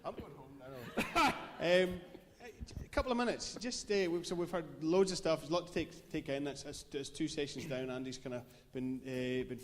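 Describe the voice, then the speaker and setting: A man, the event organizer, making a quick, informal, self-joking announcement to the group. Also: a little high, steady tone, a little hiss or hum. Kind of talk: casual announcement. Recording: echoey hall sound.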